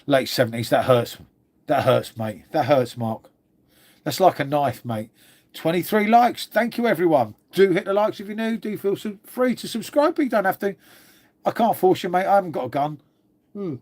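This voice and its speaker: A man chats loosely with viewers on a live stream. His voice sits a touch high for a man. He jokes, swears freely and calls everyone mate. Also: lively intonation, normal speed, darkish tone. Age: 50s.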